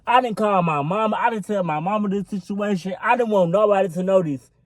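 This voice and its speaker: A man's voice: sits high, fairly quick, no room sound. A young man telling a storytime vlog into his phone in a rambling, profane, filler-laden way. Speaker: vlogger. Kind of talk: casual storytime.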